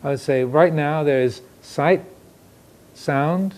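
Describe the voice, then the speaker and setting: A man, a Buddhist monk, giving a dharma talk indoors, reflective and pausing, asking questions as he goes. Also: fairly high pitch, darkish tone. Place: indoor room with air conditioner. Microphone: filmed by cameras.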